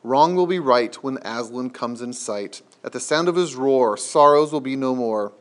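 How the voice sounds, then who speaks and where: A man's voice: mid-range voice, animated, normal speed, natural voice. A man voicing a talkative, gloomy male beaver while reading a storybook aloud. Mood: eager.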